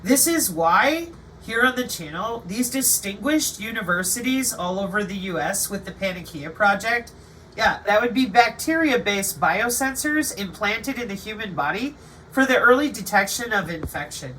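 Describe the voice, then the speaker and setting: A woman hosting her channel in an animated, sarcastic livestream monologue. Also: medium pitch, normal speed, distant mic, a little hiss or hum, rough recording. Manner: animated, sarcastic, acts out quotes. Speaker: channel host.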